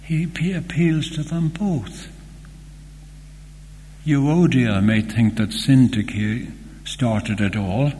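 An older man preaching a sermon in a church, earnest and slow, with fond asides. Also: medium pitch, warm tone. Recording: long hall reverb, faint hum.

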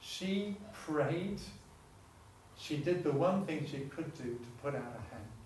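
A male preacher delivers an impassioned sermon that builds toward emotional peaks, then leads a prayer. He speaks slowly and deliberately. His voice rings through a very echoey conference hall, picked up from some distance away from the mic. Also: a little high, animated, a little mellow, a little hiss or hum.

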